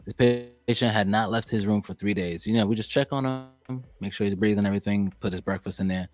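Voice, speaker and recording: Low-voiced man telling profane stories. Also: fast, soft background music. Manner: profane, animated storyteller. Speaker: podcast guest. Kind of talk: casual chat.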